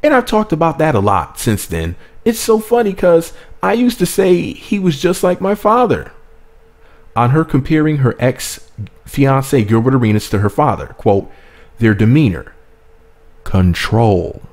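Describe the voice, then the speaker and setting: A man reads a celebrity gossip article aloud, repeatedly interrupting himself with profane, joking asides that are playful and irreverent. His mid-range voice is a little mellow and sing-song, at a measured pace.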